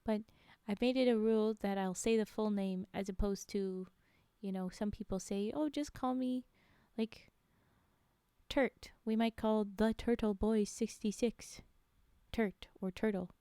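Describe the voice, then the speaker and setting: A young woman streamer reading spooky stories aloud and chatting with viewers in giggly, animated asides. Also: medium pitch, moderate pace, clean tone, no echo, studio quality.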